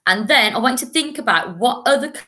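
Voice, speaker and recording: A woman teaching a remote lesson to young children, drilling words patiently with clear call-and-repeat. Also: on the high side, expressive, fast talker, pushed and bright. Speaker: primary school teacher.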